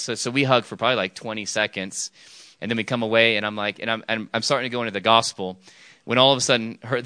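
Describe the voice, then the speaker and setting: A man's voice: medium pitch, fast, pushed and bright, clean tone, no echo. A young man giving a casual sermon to a youth group, telling stories with lots of fillers and restarts and often asking the audience questions. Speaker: youth speaker.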